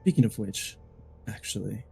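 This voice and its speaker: Gravelly, dark-voiced man role-playing. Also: fairly low pitch, normal speed, faint music behind. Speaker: tabletop game player. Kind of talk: in-character role-play.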